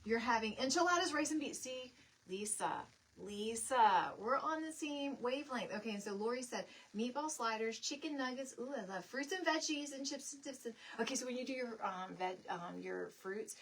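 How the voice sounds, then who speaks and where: Working on a craft project during a live home-decor stream, a middle-aged DIY host chats casually and rambles in a friendly way, responding to viewers' comments. She's indoors in her home craft space. Her voice is on the high side, a bit bright and husky, animated, and at normal speed.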